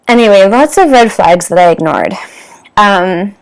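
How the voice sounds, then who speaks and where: A woman's voice: medium pitch, lively intonation, brisk. A Canadian woman in her thirties telling a personal dating story to camera in a candid, rambling way, with many fillers and restarts. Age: 30s. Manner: candid, rambling, with frequent fillers and self-corrections. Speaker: vlogger.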